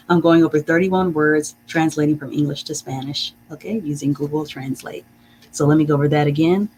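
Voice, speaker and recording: A teacher leading a live-streamed reading lesson, saying phrases slowly and carefully, checking in with "okay?" and chuckling often. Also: medium pitch, a little mellow, a little hiss or hum, low-quality recording. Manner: reads out viewer comments.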